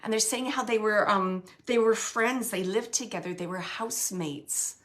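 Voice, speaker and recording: A woman working as a medium, giving a live reading to an audience member, animated and searching as she relays messages in quoted speech. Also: mid-range voice, normal speed. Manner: searching, self-correcting phrasing.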